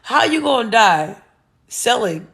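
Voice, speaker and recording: Gravelly-voiced woman riffing on the news. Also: fairly high pitch, big pitch swings, unhurried, a bit bright. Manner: blunt, sarcastic, laughs often. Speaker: show host. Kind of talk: casual commentary reading news aloud.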